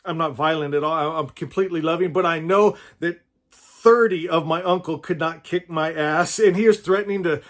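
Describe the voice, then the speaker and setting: Guy with a pretty high voice doing a laid-back sermon, earnest, keeps restarting and going "right?". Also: moderate pace, fairly bright tone. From California, USA. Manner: earnest, rambling, with frequent restarts and "right?" asides. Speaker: spiritual teacher. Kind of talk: informal sermon with personal stories.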